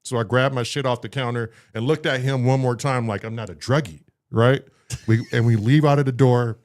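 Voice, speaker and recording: A man's voice: mid-range voice, fairly quick. A man casually telling a story on a talk show, acting out what people said and swearing freely. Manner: animated, acts out voices in his story. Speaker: podcast co-host telling a story.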